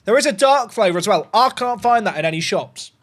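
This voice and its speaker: Animated man chatting on a livestream. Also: sits high, a little fast, a little hiss or hum. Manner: excitable, chatty, rambling. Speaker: gaming livestreamer. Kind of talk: casual livestream chat.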